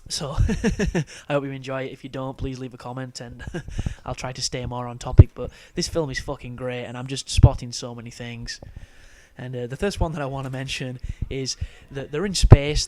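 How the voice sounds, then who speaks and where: A man's voice: medium pitch, noisy background. A young man giving casual gameplay commentary, rambling and swearing freely with frequent laughs. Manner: rambling, profane, laughs often.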